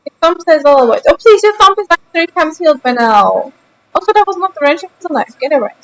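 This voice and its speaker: A woman's voice: extremely high pitch, expressive, fast talker, low-quality recording. A young woman streaming a game, chatting casually with her viewers in a teasing, mock-indignant way.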